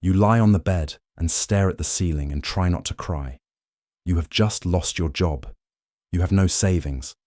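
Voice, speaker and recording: Deep dark-voiced male sleep narrator. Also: normal speed, no echo, studio quality. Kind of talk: second-person sleep story narration.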